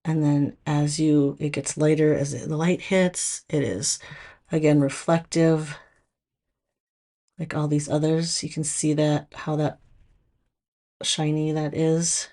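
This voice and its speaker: A woman with a Minnesota accent talks through a product showcase in a loose, chatty way, often stopping to restart her sentences. Her voice sits low, and she takes her time. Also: flat delivery, slow pace, pauses often, mellow. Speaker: nail product stylist.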